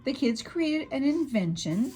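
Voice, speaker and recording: A gruff older woman who hides her soft side, voiced by a woman reading aloud barks her lines brusquely. She is loud and no-nonsense in a storybook reading. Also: sits high, sing-song, measured pace, pitched above the performer's own voice. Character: gruff, bossy older woman, tough-talking.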